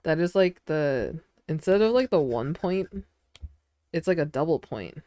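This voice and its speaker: Rambling streamer, unhurried, lots of fillers and giggles, dry close sound. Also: medium pitch, expressive, dark tone, no echo. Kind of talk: casual chat while drawing on stream.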